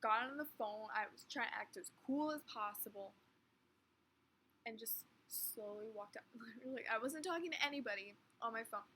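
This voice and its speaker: Bright-voiced chatty young woman. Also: a little high, moderate pace, low-quality recording. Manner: rambling, filler-heavy, animated. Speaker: vlogger. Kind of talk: casual storytime chat. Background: faint fan hum.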